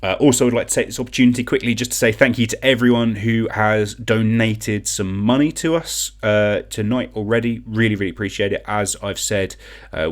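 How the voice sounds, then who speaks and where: A young man from England hosting an online quiz, chatting casually and rambling as he reads out comments. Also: fairly low pitch. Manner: chatty, rambling, self-deprecating, sings song clues in gibberish syllables.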